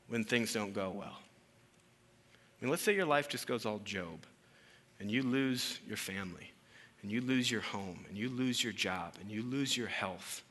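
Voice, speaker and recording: A pastor in his thirties delivers a sermon in a loose, conversational way. His voice is bright and forward, and he peppers the talk with jokes and questions to the congregation. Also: on the low side, measured pace. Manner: casual, joking, conversational preaching with questions to the congregation.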